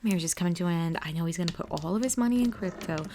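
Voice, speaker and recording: A woman's voice: fairly low pitch, rapid-fire, noisy background, close to an everyday voice. A woman playing a wild gossipy aunt, whispered role-play. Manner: rambling, chatty, drifts in and out of whisper. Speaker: ASMR creator.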